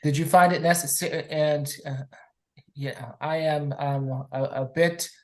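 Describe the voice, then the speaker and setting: A woman presiding as a judge in a court hearing, asking questions in a measured, stern way. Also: low-pitched, fairly even intonation, rough recording.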